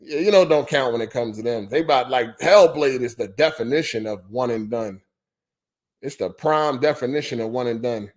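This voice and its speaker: A man hosting a gaming podcast livestream, talking on a headset in a loose, profane rant and repeating his points. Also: on the high side. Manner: profane, ranting, repeats himself. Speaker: podcast host. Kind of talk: casual livestream chat.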